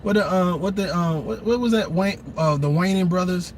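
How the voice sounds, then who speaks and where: A man doing a loud, profane comedic rant, laughing often and slipping into mock voices. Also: high-pitched, moderate pace, a little hiss or hum. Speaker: comedic commentator.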